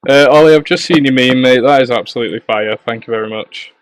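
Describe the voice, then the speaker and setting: A man's voice: medium pitch, clear, resonant tone. A man, the league's owner, giving chatty live commentary on a sim race and talking to viewers and his co-host.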